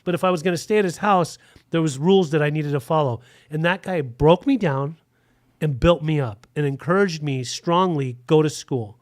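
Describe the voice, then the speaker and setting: A man's voice: on the high side, moderate pace, no echo, clean studio sound. A man in his forties telling a frank, rambling story in a casual podcast interview, with plenty of "like" fillers.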